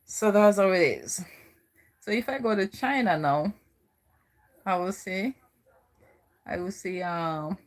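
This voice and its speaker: A young woman vlogger from the Virgin Islands chats casually in her local accent, rambling and saying "you know" a lot. Her mid-range voice moves slowly, broken up by long pauses.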